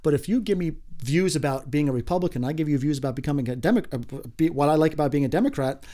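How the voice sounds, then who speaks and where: A middle-aged man, a gym teacher, talking in a casual podcast chat, upbeat and emphatic, often rising high when excited. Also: very fast.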